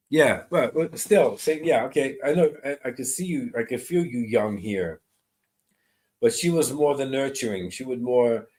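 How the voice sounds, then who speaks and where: Guy hosting a live psychic stream, gentle and reassuring, says hi to everyone in chat. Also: mid-range voice, normal speed, rough recording. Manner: greets chat viewers by name, soft and reassuring. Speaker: medium. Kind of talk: live-streamed mediumship reading.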